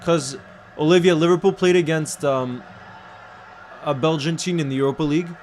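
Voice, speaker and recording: A slightly high-voiced man hosting a casual live football watchalong. He chats fast and loosely, reads viewer messages aloud and slips in French phrases now and then. A faint hiss of noise sits under his voice. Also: steady tone, a little mellow. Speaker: host of a live match watchalong stream.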